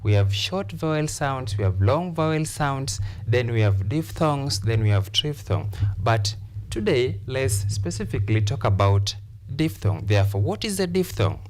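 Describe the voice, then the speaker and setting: A man's voice: medium pitch, big pitch swings, measured pace, darkish tone, slight background noise. A man with a Kenyan accent teaching an English lesson, repeating key phrases and stressing words emphatically. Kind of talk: classroom lesson.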